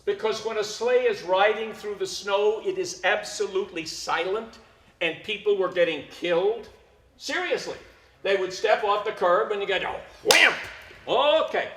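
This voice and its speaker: A man's voice: sits high, moderate pace, a bit bright, echoey room, a little hiss or hum. A man from the United States, a priest, chatting and telling stories on a concert stage microphone. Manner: chatty, storytelling. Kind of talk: live concert introduction. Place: concert hall.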